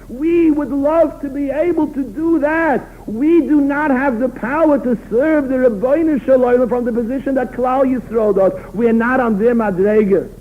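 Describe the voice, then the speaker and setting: High-voiced rabbi on a tinny line. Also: male voice. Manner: storytelling, expressive, emphatic. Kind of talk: sermon. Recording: tinny phone-line recording.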